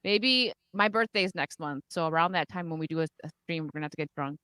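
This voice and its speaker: A woman with a bright, forceful voice hosts a relaxed party stream, chatting, giggling and reading out donations. Her voice is close and dry, with no room sound around it. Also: low-pitched, fast talker, clean tone, dry recording. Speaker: live stream host. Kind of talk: casual party chat on a live stream.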